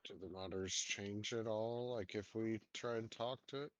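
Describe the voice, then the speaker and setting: A man's voice: fairly low pitch, fairly even intonation, moderate pace, dry recording. A man playing in a tabletop game, asking hesitant questions. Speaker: player. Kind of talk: casual game chat. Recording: dull lo-fi mic, dry.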